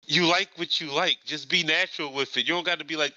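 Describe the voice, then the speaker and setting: A man's voice: on the high side, a little fast, hardly any pauses, bright, forceful tone, no room sound, low-quality recording. A man in his forties hosting a casual podcast chat, blunt and emphatic, swearing freely. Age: 40s. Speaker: podcast host.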